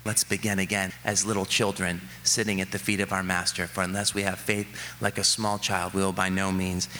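A male pastor preaching a sermon, telling stories about his kids with lively excitement and then settling into soft, earnest reflection. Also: low-pitched, brisk, a little hiss or hum. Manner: animated storytelling, quoting his kids with rising excitement.

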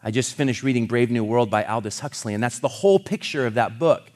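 A middle-aged man from California, a pastor, telling a story in a sermon, earnest and halting, with frequent restarts, and he swells louder as he builds a point. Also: medium pitch.

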